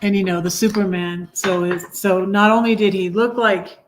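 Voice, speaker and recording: Halting, heartfelt middle-aged woman. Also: mid-range voice, steady tone, background noise. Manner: halting, full of ums and restarts, soft laughs; heartfelt, gets emotional while reading. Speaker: poet hosting a live stream. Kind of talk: casual livestream chat and poetry reading.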